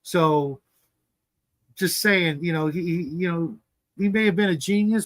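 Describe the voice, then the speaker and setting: A man with a fairly high voice rants through a casual livestream chat. He sounds exasperated and leans on filler words as he talks. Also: a little slow. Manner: ranting, exasperated, many fillers. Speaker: podcast co-host.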